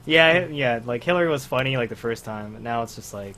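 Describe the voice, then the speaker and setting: A man co-hosting a podcast, telling stories in a casual, animated way and acting out quotes. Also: mid-range voice, fairly quick. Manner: animated storytelling, acts out quotes. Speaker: podcast co-host. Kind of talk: casual chat.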